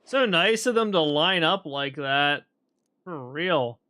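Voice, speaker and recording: A man gives relaxed, rambling commentary while he plays a game, pausing to think aloud and clearing his throat now and then. His voice is bright and smooth. He talks at a slow, easy pace. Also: on the high side. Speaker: game streamer. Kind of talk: casual gameplay commentary.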